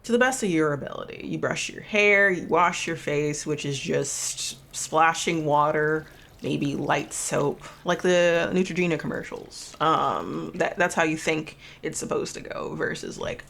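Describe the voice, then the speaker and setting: Gravelly man narrating a tabletop game. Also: on the high side, measured pace, pushed and bright. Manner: rambling, many fillers and restarts. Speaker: game master.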